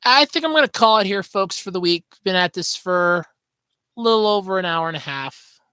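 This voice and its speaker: A woman's voice: mid-range voice, animated, a little fast, pushed and bright, smooth, dry recording, low-quality recording. A woman hosting a solo podcast from home, telling a story in a chatty, sarcastic way. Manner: chatty and sarcastic, with swooping emphasis. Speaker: podcast host.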